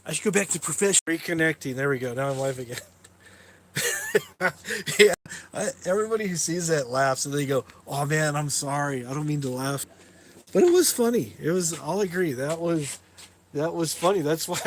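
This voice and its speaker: A man's voice: a little high, expressive, fairly quick, a little hiss or hum. A man live streaming a casual tour of his workshop, rambling, laughing at himself and chatting with viewers. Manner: rambling, self-mocking, laughs often. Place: workshop in a shipping container.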